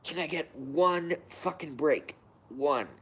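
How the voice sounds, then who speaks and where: Male streamer, casual rambling chat, slow delivery, profane and self-mocking. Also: on the high side, fairly bright tone, breathy edge. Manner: profane, self-deprecating grumbling. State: hiccups. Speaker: live streamer.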